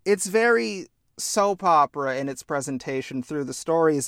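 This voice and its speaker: A man's voice: on the high side, animated, normal speed, fairly bright tone, clear, resonant tone, dry recording, clean studio sound. A young man hosting a podcast, chatting casually and enthusiastically, swearing freely as he tells stories. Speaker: podcast host. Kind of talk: casual chat.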